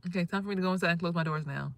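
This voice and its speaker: A woman hosting a livestream in casual talk, giving spiritual advice in a loud, emphatic, profane and preachy way. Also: fairly low pitch, racing, dry recording. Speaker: livestream host.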